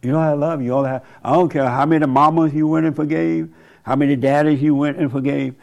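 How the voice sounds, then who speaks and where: A man's voice: fairly high pitch, steady tone, fast, vocal fry, darkish tone, highs cut off. A man hosting a casual, preachy monologue, rambling and colloquial, often laughing at his own remarks.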